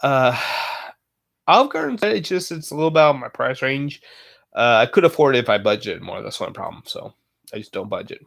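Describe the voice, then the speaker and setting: Man, casual livestream chat, gravelly fry, mid pitch, halting, frequent fillers. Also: very animated, fairly bright tone. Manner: halting, lots of fillers and self-corrections.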